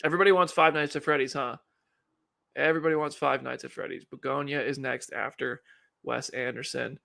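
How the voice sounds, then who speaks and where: A man's voice: mid-range voice, steady tone, fairly quick, vocal fry, sharp tone. A man hosting a live stream, giving casual commentary in a rambling, chatty, self-deprecating way. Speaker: livestream host.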